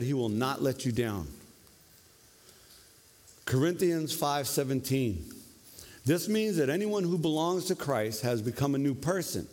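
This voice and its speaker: A male preacher giving a lively, conversational sermon, often tagging his points with questions. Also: fairly high pitch. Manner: conversational, animated, tag questions. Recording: long reverb of a hall.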